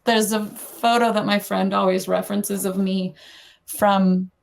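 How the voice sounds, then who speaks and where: A woman's voice: medium pitch, fairly even intonation, a little slow, gravelly. A woman guest on a podcast, an editor and curator, musing casually with lots of "like" and fillers.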